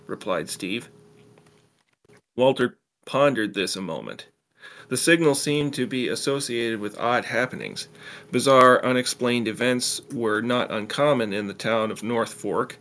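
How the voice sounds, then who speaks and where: A man reading a story aloud, plain and steady, now and then stumbling and restarting a phrase. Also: medium pitch. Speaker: story reader.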